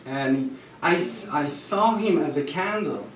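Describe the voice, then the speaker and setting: A man with a Persian accent and Persian as his first language, telling personal stories at a gathering, halting and restarting, with soft laughs. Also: on the high side, animated, a little hiss or hum. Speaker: storyteller at a gathering. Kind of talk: personal storytelling. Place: gathering room. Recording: echoey room, mic far off.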